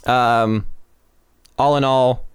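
A man's voice: medium pitch, fairly even intonation, extremely slow, clear, resonant tone, no echo, studio quality. A man hosting a casual chat, reading neighborhood posts aloud and laughing often. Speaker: podcast host.

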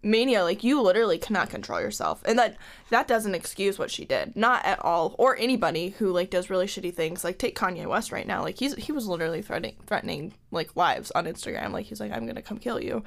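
A woman's voice: medium pitch, animated, fast, creaky. A woman hosting a podcast, talking candidly in casual chat with lots of "like" fillers. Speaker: podcast host. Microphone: podcast microphone.

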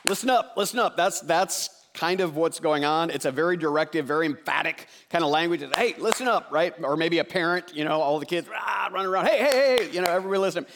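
A man's voice: on the high side, fairly bright tone, a little hiss or hum. Emphatic man preaching a sermon. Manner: conversational and emphatic, repeats words for stress. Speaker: pastor. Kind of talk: sermon with scripture reading and prayer. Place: church stage before a seated congregation.

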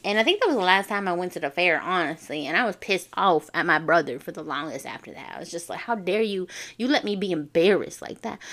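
A woman from the Navajo Nation, hosting a vlog and telling funny personal stories in a lively, slangy way. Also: fairly high pitch. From Navajo Nation, US Southwest. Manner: animated, slangy, acts out quotes. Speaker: vlogger host. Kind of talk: casual comedic storytelling.

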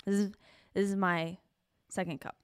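A woman's voice: medium pitch, level tone, normal speed, smooth, no room sound, studio quality. A woman pastor co-hosting a church livestream in a playful, chatty way. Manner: playful and chatty, laughs often. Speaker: pastor and co-host. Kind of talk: casual chat.

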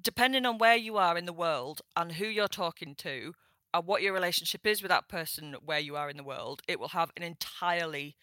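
A chatty woman from northern England with a bright, forceful voice, talking animatedly and playfully as a guest. The sound is dry and close, with no room around it. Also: lowish voice, a little fast, no echo. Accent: northern English. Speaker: guest sex historian. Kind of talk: casual interview chat. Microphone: remote call.

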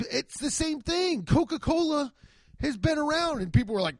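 High-voiced, animated ranting man. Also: normal speed, no room sound, studio quality. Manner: rambling, profane, animated. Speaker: podcast host. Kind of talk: solo comedic rant. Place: at home. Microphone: desk microphone.

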